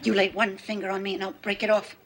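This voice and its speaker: An actress playing an anxious, suspicious middle-aged wife in a sitcom, shrill and accusing, swinging to teary. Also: female voice, flat delivery, fast, very noisy, lightly acted. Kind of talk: sitcom acting before a studio audience.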